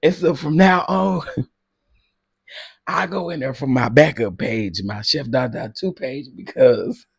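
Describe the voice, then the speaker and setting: A man hosting a casual livestream, talking to his chat in an animated way and laughing often. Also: medium pitch, slow, vocal fry, breathy edge, no room sound, studio quality. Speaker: livestream host.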